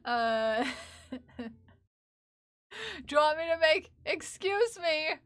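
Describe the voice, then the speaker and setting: A woman's voice: high-pitched, slow pace, fairly bright tone. A young woman live-streaming while crafting, chatting playfully with viewers, laughing and mock-scolding them. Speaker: livestreamer. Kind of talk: casual live-stream chat.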